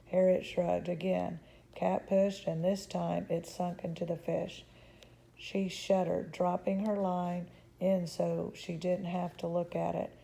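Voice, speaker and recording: A woman reading a children's chapter book aloud in a calm, measured way. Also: fairly low pitch, creaky. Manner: calm, measured, occasional restarts.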